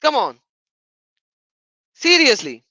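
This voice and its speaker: A man's voice: very high voice, huge pitch swings, slow pace, pushed and bright, no room sound, poor audio. A man hosting a live-stream debate chat, taunting and sarcastic, often laughing mockingly. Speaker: livestream host.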